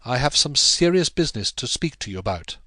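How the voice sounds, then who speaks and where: A man voicing a brooding young doctor with a strong baritone, speaking curtly. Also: big pitch swings, a little fast, bright, forceful tone, no room sound, clean studio sound. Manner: curt.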